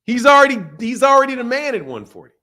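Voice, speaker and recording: A man with a Philadelphia accent chats on a boxing livestream and reads out viewer super chats. His voice sits high for a man, and he often says the same phrase several times over in a playful, animated way. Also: fast. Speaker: boxing channel host reading super chats. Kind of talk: casual livestream chat.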